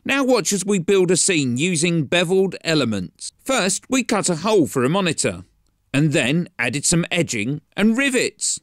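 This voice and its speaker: A man's voice: on the high side, very animated, moderate pace, dry recording, studio quality. A man giving upbeat, scripted narration for a film-making tutorial.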